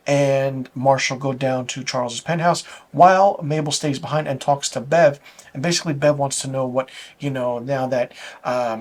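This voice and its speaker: A man reviewing a TV episode, retelling the plot in a loose, rambling way with restarts and little chuckles. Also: mid-range voice. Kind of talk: casual plot recap.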